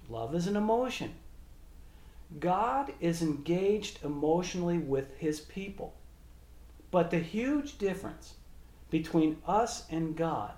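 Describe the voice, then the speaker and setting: A man preaching a sermon and reading scripture aloud in measured tones. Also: high-pitched, mellow. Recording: echoey room.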